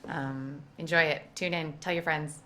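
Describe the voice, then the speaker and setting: A young woman guest on a talk show, chatting in a bright, forceful voice that sits a little low for a woman. She is lively and playful and laughs easily, with faint room noise behind her. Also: normal speed. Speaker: actor guest. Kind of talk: casual interview chat.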